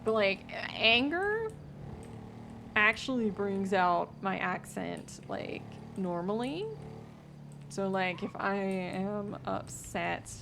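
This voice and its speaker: A woman's voice: medium pitch, fairly even intonation, slow pace, vocal fry, noisy background. A young woman from the American South chatting casually on a stream, rambling with lots of fillers and restarts.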